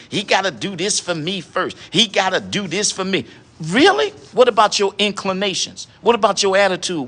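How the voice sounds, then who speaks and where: Dude from jersey preaching at the camera, bright high voice, keeps firing off questions. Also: male voice. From Newark, New Jersey. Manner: lecturing, rhetorical questions. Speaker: vlogger.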